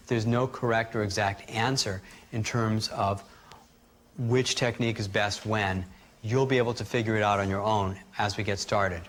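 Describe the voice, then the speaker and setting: A man teaching a live workshop, calmly guiding a group through breathing exercises and demonstrating them aloud. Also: lowish voice. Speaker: energy healing teacher.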